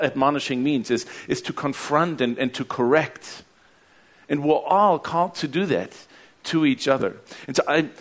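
A male pastor delivering a sermon in a relaxed, conversational way. His voice sits a little higher than most men's, and he keeps checking in with rhetorical questions to his congregation. He often repeats a word when he restarts a sentence. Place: church.

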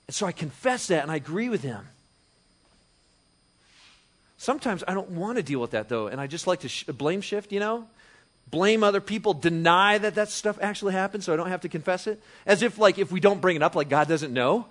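A man preaching a sermon as pastor, conversational and animated, moving from hushed to loud and emphatic. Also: high-pitched, brisk. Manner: conversational with frequent restarts and chuckles.

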